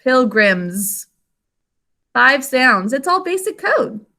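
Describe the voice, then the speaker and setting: High-voiced woman teaching phonics slowly. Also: lively intonation, bright, forceful tone. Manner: patient, spells words out sound by sound. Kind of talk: online phonics lesson. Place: remote class on a video call.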